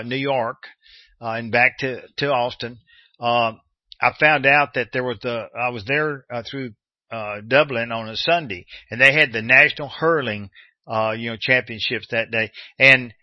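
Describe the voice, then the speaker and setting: A man's voice: medium pitch, no room sound, highs cut off. A man from the United States hosting a radio show, talking casually and rambling with many restarts and fillers.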